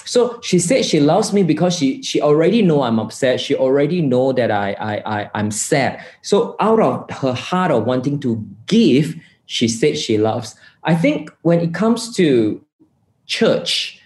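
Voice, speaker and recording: Brief: male pastor, earnest storytelling sermon, mid-pitched, echoey room. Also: sing-song, unhurried, a little mellow. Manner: earnest storytelling, repeats words. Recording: roomy echo.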